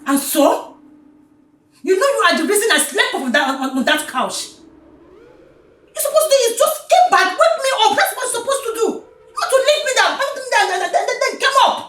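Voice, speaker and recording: Exasperated scolding wife, animated voice, echoey room. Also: female voice, extremely high pitch, moderate pace, full character voice. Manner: exasperated, scolding, repeats herself. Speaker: wife confronting her husband. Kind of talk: Nollywood film acting. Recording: echoey room, distant mic.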